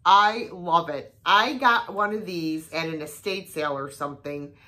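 A woman's voice: lowish voice, measured pace, sharp tone. A middle-aged American woman chatting casually in a vlog, gushing and exclaiming over each thrift find. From United States. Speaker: thrift haul vlogger.

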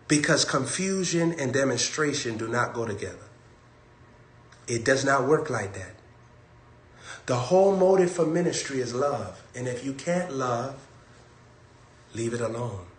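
A man's voice: medium pitch, a bit bright, reverberant. A man preaching a sermon on a livestream, emphatic and repetitive, hammering his key phrases over and over.

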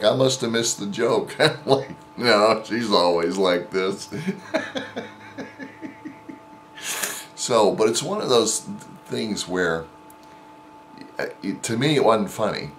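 A man's voice: sits low, a bit bright, a little hiss or hum. A man vlogger casually telling an anecdote in a rambling way, with many fillers and restarts. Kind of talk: casual storytelling.

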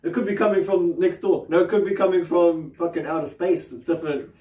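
A man's voice: fairly high pitch, fairly even intonation, fairly quick, warm tone, far from the mic. A man giving a casual spiritual talk as a meditation teacher, swearing, laughing often and rambling with many fillers. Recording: roomy sound from off the mic.

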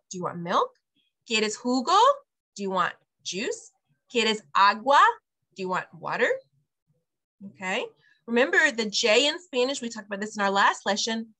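Bright-voiced woman teaching Spanish. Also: medium pitch. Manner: explains patiently, models words slowly, laughs often. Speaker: preschool director teaching Spanish. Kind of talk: online Spanish lesson for parents. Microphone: video call.

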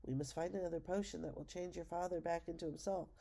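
A woman voicing a calm noble mother in a read-aloud storybook, speaking firmly and steadily. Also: on the low side, fast, vocal fry.

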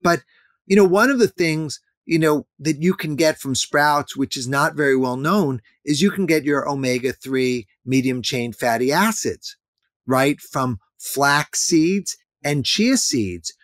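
A man's voice: a little high, animated, unhurried, fairly bright tone, dry recording. Man, fifties, interview guest, emphatic, dry close sound. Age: 50s. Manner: earnest, emphatic, repeats key points. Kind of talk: interview conversation.

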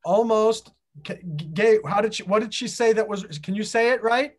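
Host on a video call, playful and chatty, keeps tossing questions to the group, mid-pitched voice. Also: fairly even intonation, moderate pace. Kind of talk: casual group chat.

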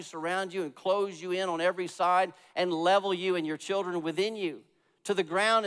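Preaching man in a reverberant church. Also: fairly high pitch. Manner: preaching with sudden loud emphatic swells and quiet drops. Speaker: pastor. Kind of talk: sermon. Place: church sanctuary.

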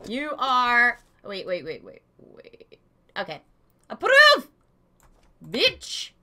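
Bright, animated woman gamer, swearing loudly. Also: mid-range voice. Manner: swears freely, yells mock-official orders at characters; reads on-screen text aloud haltingly. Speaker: let's play gamer. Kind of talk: casual game commentary.

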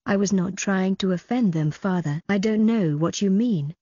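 A woman's voice: mid-range voice, moderate pace, warm tone, husky, dry recording, lightly acted. A woman voicing an arrogant young male crown prince who talks back defensively, on dull lo-fi audio. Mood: defiant. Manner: defensive and disdainful.

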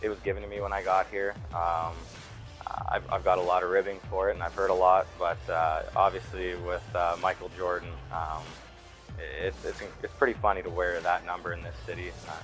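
A young man with a low, deep voice answers questions in a loose, rambling way, full of fillers and restarts. Faint music plays in the background. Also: flat delivery, fairly quick, fairly bright tone, poor audio. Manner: laid-back, rambling, many fillers and restarts. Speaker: interview guest, hockey player. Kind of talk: casual interview chat.

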